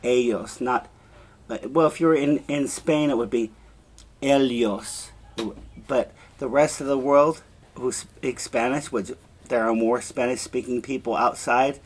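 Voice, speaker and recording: A man teaching a Spanish class, slowly repeating verb forms for students to echo. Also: medium pitch, slightly rough. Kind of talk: classroom lesson with drills.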